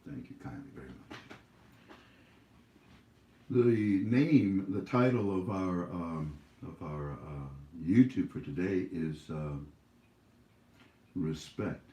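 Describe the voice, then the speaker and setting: Male YouTube host, soft dark voice, preachy and rambling, echoey room. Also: deep voice, animated, takes it slowly, pauses often. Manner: scolding, preachy, rambling with many fillers. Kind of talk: casual monologue to viewers. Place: his home.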